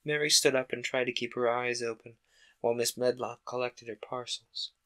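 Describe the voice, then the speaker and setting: Bright-voiced man reading a story aloud. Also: mid-range voice, steady tone, normal speed, clean tone. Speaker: podcast host reading a book aloud. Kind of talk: audiobook-style narration.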